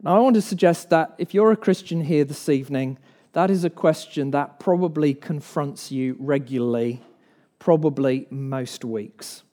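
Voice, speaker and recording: A man's voice: fairly high pitch, moderate pace, dark tone. A man preaching an evening sermon in church, earnest and emphatic, posing rhetorical questions to the congregation.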